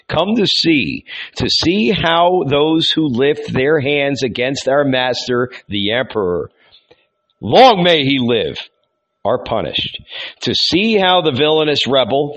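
A man's voice: a bit bright, lo-fi sound, full character voice. A man reading aloud, voicing a skinny town crier who shrilly proclaims an imperial order. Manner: shrill, declaiming.

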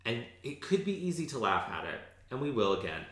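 A man's voice: medium pitch, big pitch swings, brisk, crowd noise. A man hosting a podcast, chatting casually and rambling with lots of fillers. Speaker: podcast host recapping an episode. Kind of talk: casual chat. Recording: echoey room.

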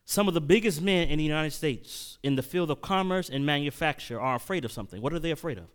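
Male preacher, sermon lecture, slightly high voice, emphatic swells, repeats phrases. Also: animated, fast talker, smooth. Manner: builds to loud, emphatic bursts; repeats and restarts while reading quotes aloud.

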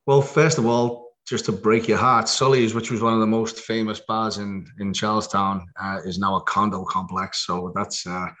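A man in his late forties from Liverpool with a Scouse accent softened by American speech, telling stories easily in a casual interview. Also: lowish voice, level tone, moderate pace, few pauses. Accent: Liverpool (Scouse), with some American. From Liverpool, England. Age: late 40s. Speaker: guest, EMS worker.

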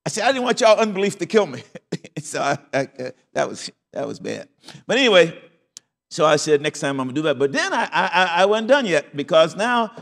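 Animated older preacher in a reverberant hall. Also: male voice, a little high, fast, vocal fry. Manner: folksy storytelling with laughs. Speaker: pastor. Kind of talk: sermon.

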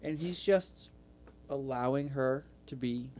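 Earnest, mellow-voiced male podcast co-host. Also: mid-range voice, slow. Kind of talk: casual chat.

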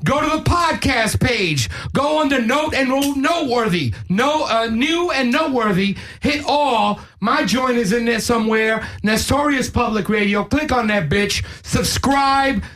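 A man hosting a podcast, stammering and shouting shout-outs in a loud, profane hype-man way. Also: very high-pitched, a little slow, few pauses. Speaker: podcast host. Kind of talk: casual podcast chat.

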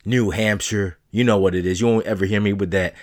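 A man's voice: lowish voice, steady tone, brisk. A man in his thirties from northern New England hosting a podcast, rambling in a profane, joking, boastful way. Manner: profane, rambling, jokey bravado. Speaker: podcast host. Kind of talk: casual podcast monologue.

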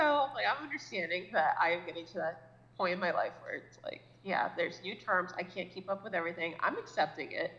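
A woman's voice: lowish voice, brisk, a bit bright. Rambling woman in her thirties, lo-fi. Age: 30s. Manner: rambling, self-deprecating, swears freely. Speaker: podcast co-host. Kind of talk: casual chat.

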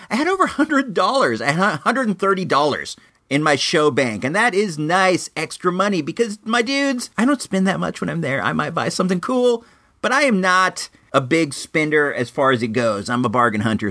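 A man hosting a podcast, talking casually in a lively, chatty way with drawn-out asides. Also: on the high side, no echo, clean studio sound. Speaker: podcast host. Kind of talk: casual monologue.

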